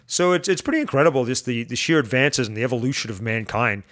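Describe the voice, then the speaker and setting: Man guest, lively talker, bright and fast, slips into voices. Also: medium pitch. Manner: animated storyteller, jumps into funny voices. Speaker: podcast guest. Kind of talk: casual chat.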